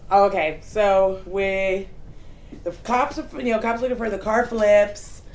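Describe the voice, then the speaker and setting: Speaking at a measured pace and medium pitch, a woman shares an improvised story from her own life in an echoey room. She sounds animated and casual, leaning on "like" and dropping the occasional profanity.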